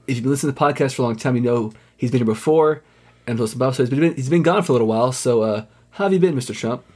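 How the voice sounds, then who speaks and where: A man's voice: mid-range voice, racing, darkish tone, breathy edge. A male podcast host playing the straight man in a comedy sketch, hesitant and flustered, with frequent ums and uhs. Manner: hesitant, many fillers, flustered.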